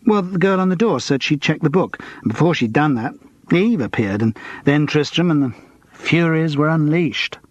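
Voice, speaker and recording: A man's voice: on the high side, lively intonation, normal speed, no echo, lo-fi sound. A man reading an audiobook, voicing a young male escort and out-of-work actor who talks in a breezy, cheeky, gossipy way.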